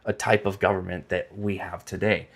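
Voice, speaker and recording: A man's voice: deep voice, level tone, moderate pace. A man co-hosting a podcast, speaking bluntly and emphatically, with casual swearing. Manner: blunt and emphatic, swears freely, drags out key words. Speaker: podcast co-host. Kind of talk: casual political chat.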